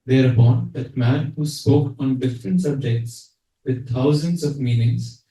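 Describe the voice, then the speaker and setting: Man, formal scripture reading, very dark voice, echoey distant room. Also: medium pitch, a little slow. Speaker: scripture reader. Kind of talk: reading a verse translation.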